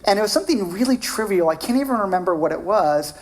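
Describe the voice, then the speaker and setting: A middle-aged man delivers a keynote lecture, weaving personal stories into his points. His voice swings lively up and down as he acts out the people in his anecdotes. Now and then he drops in a casual "um". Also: fast. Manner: animated storytelling, acts out quoted voices with big pitch jumps. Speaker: professor giving a keynote lecture.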